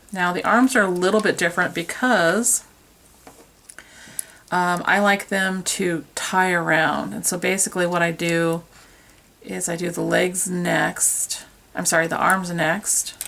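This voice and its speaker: Here a gravelly, lowish, slightly bright female voice belongs to a craft demo host who chats and jokes at her own expense while she works. A camera on a tripod records her.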